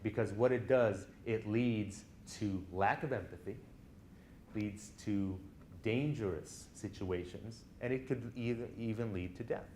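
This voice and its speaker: A man's voice: fairly low pitch, measured pace, a little mellow, a little hiss or hum. A man lecturing college students in a classroom, telling personal stories in a conversational way and often checking in with the class.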